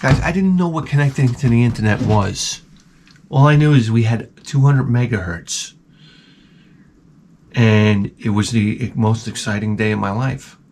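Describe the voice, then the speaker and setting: A man hosting his channel, telling comedic stories in a loud, animated, profane rant and acting out people in high, shouted voices. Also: measured pace. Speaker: channel host.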